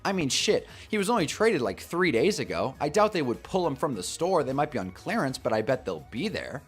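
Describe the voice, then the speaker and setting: A young man hosting a football talk live stream, telling a story in a chatty, animated way and laughing at his own jokes. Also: fairly high pitch, fairly quick, soft background music.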